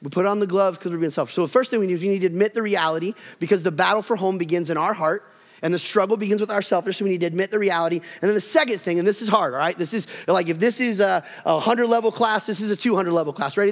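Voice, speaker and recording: A male pastor preaches in a big sanctuary, his fairly high voice carrying a long reverb tail. He is animated and acts out household arguments, climbing in pitch as he plays them. The delivery is a live sermon to a congregation. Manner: animated, acts out quarrels with rising voice.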